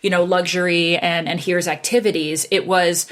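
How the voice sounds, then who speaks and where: A woman, a podcast guest, telling workplace stories in a lively, animated way and acting out both sides of old phone calls. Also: fairly low pitch, moderate pace, hardly any pauses. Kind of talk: casual conversation.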